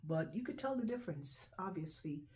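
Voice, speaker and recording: A woman's voice: on the low side, expressive, a little fast, darkish tone. A woman hosting her own video, talking casually to the camera as she shows things, often repeating herself and checking in with "right?". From Jamaica. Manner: chatty, repetitive, keeps asking "right?". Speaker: video host. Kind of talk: casual show-and-tell talk to camera.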